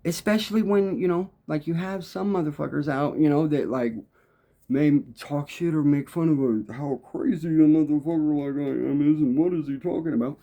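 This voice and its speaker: A man's voice: fairly high pitch, moderate pace, dark tone, lo-fi sound. A man talking in a loose, rambling monologue, swearing constantly and restarting his sentences a lot. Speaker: musician.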